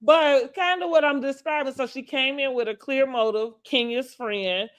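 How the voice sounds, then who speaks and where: A woman co-hosting a casual reality TV recap, talking in an animated, sassy way and laughing often. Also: sits high, normal speed. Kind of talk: casual chat.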